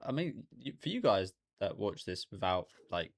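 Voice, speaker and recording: A man's voice: low-pitched, sing-song, moderate pace, vocal fry, no room sound. A young man rambling casually to himself as he reacts to an anime episode. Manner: rambling, talking aloud to himself.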